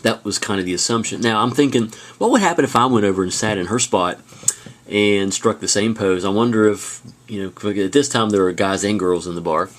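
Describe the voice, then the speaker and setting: A man teaching a high school class on video, telling stories in a casual way with fillers and restarts. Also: brisk.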